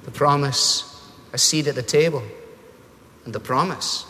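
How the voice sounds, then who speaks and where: A male preacher delivers a sermon with animated storytelling, his voice bright and a little higher than most men's. The sound rings out with a long reverb, as if in a large church hall. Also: unhurried, a little hiss or hum. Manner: storytelling, animated, shifts pitch for quoted voices.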